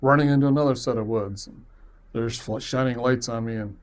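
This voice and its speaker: A man's voice: mid-range voice, a little fast. Rambling man telling a personal story. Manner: rambling, conversational, self-deprecating, chuckles. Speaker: web series producer.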